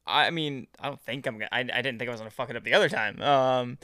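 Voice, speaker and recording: A young man, a podcast guest, telling stories in casual chat, animated, swearing and laughing often. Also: mid-range voice, fast talker, clear, resonant tone, no room sound, clean studio sound.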